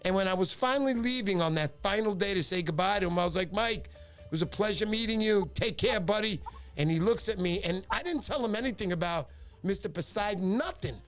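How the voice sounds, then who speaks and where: Male livestream host, high-pitched, animated storyteller who greets his viewers; faint background music. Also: fairly quick. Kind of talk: casual livestream chat.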